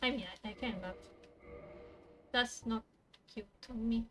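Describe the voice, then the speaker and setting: A woman's voice: on the high side, measured pace, fairly bright tone, a little hiss or hum. A woman, a native Italian speaker, streaming a video game in casual chat, swearing and laughing as she plays.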